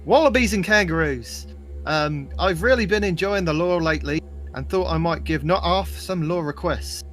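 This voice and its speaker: A man's voice: fairly high pitch, normal speed, fairly bright tone, soft background music, voice pushed up, lightly acted. A man reading out a listener's email in an exaggerated, hammy mock Australian accent, tossing in slang. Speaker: podcast co-host.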